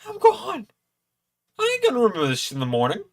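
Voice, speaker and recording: A man's voice: a little high, huge pitch swings, racing. A tipsy man hosting a live watch-along stream, rambling and swearing a lot as he comments. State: tipsy from drinking. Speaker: stream host.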